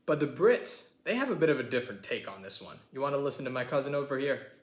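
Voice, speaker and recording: A man's voice: mid-range voice, big pitch swings, quick pace. Chatty american guy hosting an accent lesson, echoey room. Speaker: host.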